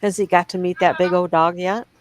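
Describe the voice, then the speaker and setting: A Midwestern woman with a fairly low voice co-hosts a casual livestream chat, speaking fairly quickly with fairly even intonation. She's gossipy and teasing and chuckles as she talks, and the recording is rough.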